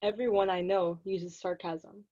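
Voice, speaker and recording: Girl in the study group, slow and unsure, kinda far off and muffled. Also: mid-range voice, steady tone, mellow. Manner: slow and hesitant, searching for words. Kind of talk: casual group discussion. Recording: distant, muffled sound.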